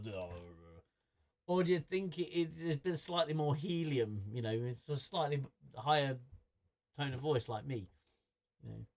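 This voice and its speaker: Reading out comments from his viewers, this man hosts a livestream in a mid-range voice that is also a little high and creaky, captured in muffled lo-fi audio. He's chatty but stumbling, repeating words as he thinks and chuckling frequently.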